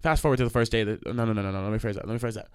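Young male vlogger, loud animated storyteller, close dry mic. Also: on the low side, very fast, smooth, dry recording. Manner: animated, profane, acts out the people in his stories. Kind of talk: ranting storytime monologue.

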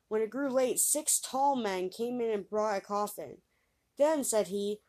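A woman reading an old fairy tale aloud, lifting her pitch and volume for the characters' lines. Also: normal speed. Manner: lively reader raising pitch and volume for quoted voices. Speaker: storyteller.

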